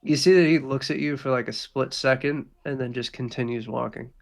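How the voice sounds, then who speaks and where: A man's voice: medium pitch, steady tone, brisk, creaky. A man running a tabletop game as dungeon master, narrating loosely with many fillers and restarts.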